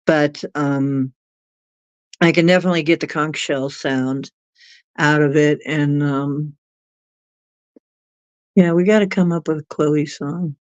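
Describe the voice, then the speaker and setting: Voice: mid-range voice, fairly even intonation, slow, pauses often, no echo. An easygoing livestream host talks unhurriedly with viewers and giggles often. The sound is dull and lo-fi, with a dry, close feel and little room. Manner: giggly, chatty, laughs often. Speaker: livestream host reading chat. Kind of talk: casual chat with viewers.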